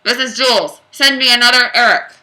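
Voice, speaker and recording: A woman's voice: on the high side, sing-song, normal speed, voice pushed up. A woman doing a barking, suspicious school principal. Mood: interrogating. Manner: barking, loud interrogating.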